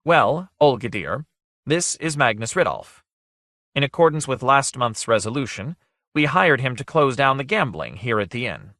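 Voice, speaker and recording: A refined society woman who frets and flutters, voiced by a man reading a storybook. Her voice sits high and bright, with a lively lilt. The sound is dry and close. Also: moderate pace, dry recording. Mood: pleading. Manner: anxious and fluttery.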